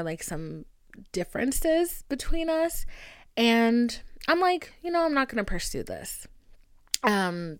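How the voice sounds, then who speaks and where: Young female podcast host, theatrical storyteller with a lively, swinging voice and frequent laughs. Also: mid-range voice, clear, resonant tone, no echo, studio quality. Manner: dramatic, gossipy, laughs often. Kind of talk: casual storytelling chat.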